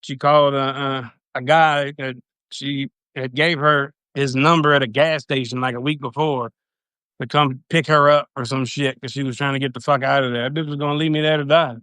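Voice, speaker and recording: A man's voice: medium pitch, steady tone, normal speed, bright, forceful tone, clean tone, dry recording. A man on a livestream telling a personal story in a loose, rambling, profane way.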